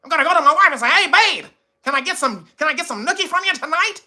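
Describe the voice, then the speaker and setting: A man voicing an anxious man fretting over how he talks, in a high, exaggerated, whiny tone. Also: lively intonation, quick pace, pushed and bright, full character voice. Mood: mock-panicked.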